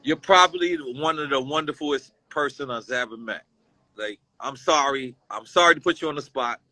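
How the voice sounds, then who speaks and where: A man's voice: medium pitch, moderate pace, bright, forceful tone, no room sound, low-quality recording. A man speaking as a guest in a casual, heartfelt conversation. He tells a story with feeling and repeats himself often. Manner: emotional, repetitive, storytelling.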